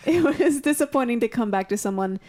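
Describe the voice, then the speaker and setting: Woman with a higher voice reading a kids book out loud on a podcast, keeps cracking up and swearing. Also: lively intonation, brisk. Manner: reads the book aloud with laughing asides and swearing. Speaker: podcast co-host reading aloud. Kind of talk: casual podcast reading and chat.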